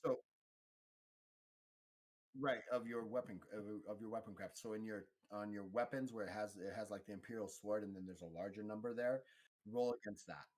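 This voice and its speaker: A man running a tabletop role-playing game as game master, explaining rolls and narrating the action in a relaxed, halting way. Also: on the low side. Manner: relaxed, halting, with frequent fillers and restarts.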